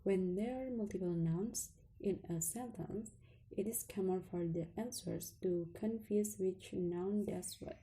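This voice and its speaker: A woman presenting an English test lesson, slowly listing rules and example phrases. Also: mid-range voice, mellow, poor audio. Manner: slow listing reading, some words whispered. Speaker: student presenter. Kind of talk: reading lesson slides.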